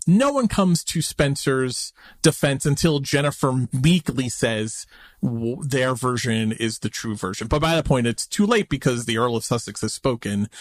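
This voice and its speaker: A man co-hosting a podcast in casual chat, animated and quick to laugh. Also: medium pitch, no echo, clean studio sound. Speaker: podcast co-host.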